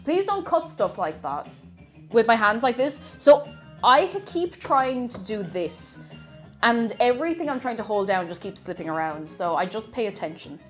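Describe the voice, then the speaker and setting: Casting: woman, somewhat high, very animated voice, chatty livestream cook. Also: normal speed, faint music behind. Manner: chatty, greets viewers, laughs at herself. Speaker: streamer. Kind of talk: casual chat while cooking on a livestream.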